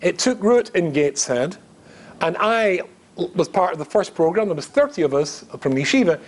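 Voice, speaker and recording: A man's voice: high voice, very animated, normal speed. A middle-aged man from Scotland, a rabbi giving a humorous storytelling lecture, chatty and joking with asides to the audience. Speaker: rabbi and guest speaker.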